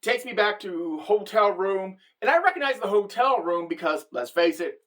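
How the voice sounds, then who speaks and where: A middle-aged woman telling a comic personal story to the camera, animated and conversational, with frequent asides to the viewer. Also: medium pitch, normal speed. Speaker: comedic storyteller.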